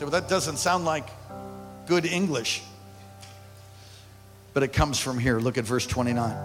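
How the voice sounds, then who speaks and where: A male pastor preaching a sermon, calling out to the congregation and swinging from quiet to loud. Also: on the high side. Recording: hall reverb with faint music.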